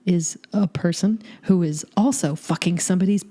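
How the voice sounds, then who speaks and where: A woman's voice: on the low side, normal speed. A woman co-hosting a podcast, chatting casually about a TV episode, swearing often and joking around. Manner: profane, animated, jokey. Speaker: podcast co-host. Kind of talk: casual chat recap.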